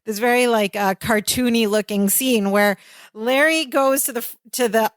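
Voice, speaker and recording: A woman's voice: fairly high pitch, normal speed, no room sound. A woman co-hosting a podcast, giving a casual play-by-play recap of a sitcom episode and acting out the characters' lines. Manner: animated play-by-play retelling with acted-out quotes. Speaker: podcast co-host.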